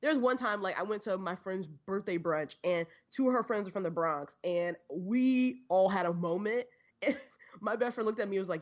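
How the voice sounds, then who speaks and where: A woman's voice: medium pitch, moderate pace, muffled recording. A young woman with a New York accent, a guest on a casual podcast, chatting and laughing as she tells stories about home. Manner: chatty, laughing, loose pacing. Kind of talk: casual chat.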